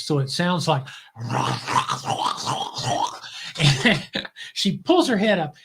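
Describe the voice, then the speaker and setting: Lively Southern man telling stories. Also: fairly high pitch. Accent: Southern American. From Southern US, Memphis. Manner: lively anecdotal storyteller, acts out quotes. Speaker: guest, TV producer. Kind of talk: storytelling in a live interview.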